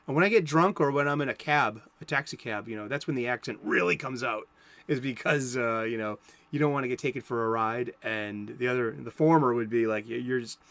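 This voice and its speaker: A man's voice: medium pitch, a bit bright, no room sound. Middle-aged boston guy rambling on about stuff, chatty, keeps restarting his sentences. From South Boston, USA. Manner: rambling, self-interrupting, chatty. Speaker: comic book talk host. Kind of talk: casual rambling monologue.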